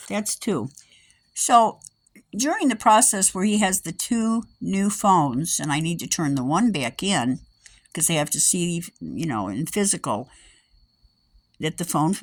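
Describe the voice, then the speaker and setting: Indignant ranting woman, low-pitched. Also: no room sound. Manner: indignant, sarcastic, rambling. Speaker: vlogger. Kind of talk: angry personal rant.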